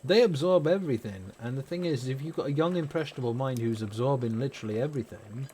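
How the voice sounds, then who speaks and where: A man's voice: mid-range voice, fast, mellow, slight background noise. A man and parent hosting a gaming stream, chatting casually and opinionatedly with plenty of swearing. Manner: rambling, swears freely, opinionated. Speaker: gaming channel host. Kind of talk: casual chat over gameplay.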